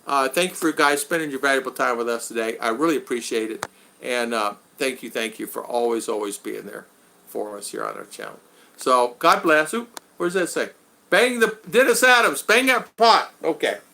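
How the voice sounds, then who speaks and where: A man hosting a casual live stream, rambling and thanking his viewers one by one, his voice going hoarse after hours of talking. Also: mid-range voice, normal speed, sharp tone, slight background noise.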